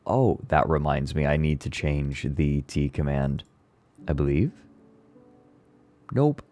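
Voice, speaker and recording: A man casually chatting with viewers on a livestream, laid-back, a little hoarse, swearing now and then. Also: a bass voice, takes it slowly, faint music behind. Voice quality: slightly hoarse relaxed voice.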